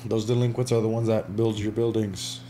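Mellow, dark-toned man talking casually. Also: lowish voice, level tone, brisk, slight background noise. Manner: laid-back, builds into emphatic riffs. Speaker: podcast co-host. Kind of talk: casual podcast chat.

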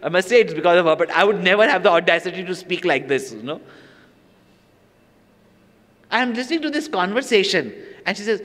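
A swami tells stories in a slightly high voice, acting out what people said. His voice carries the long reverb of a large hall. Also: expressive, fast talker, fairly bright tone. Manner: storytelling with acted quotes and laughter. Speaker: swami giving a talk. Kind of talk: anecdotal spiritual talk.

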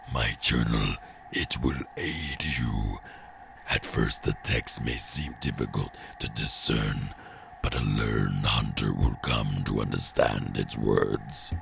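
A man voicing a grim hunter creature in a game, with a gravelly, growling voice and slow, grave delivery. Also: extremely low pitch, fairly bright tone, a little hiss or hum, pitched below the performer's own voice, full character voice.

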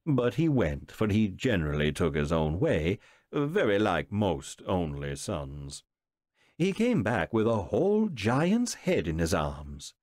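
A man reading a fairy tale aloud in an expressive, dramatic storytelling manner. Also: low-pitched, slow, dry recording, clean studio sound. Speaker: reader. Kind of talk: storybook narration.

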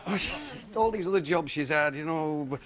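A scheming restaurant owner, sly and needling. His voice rides a little high with bouncy, lively pitch. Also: normal speed. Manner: sly, teasing and wheedling. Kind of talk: sitcom acting.

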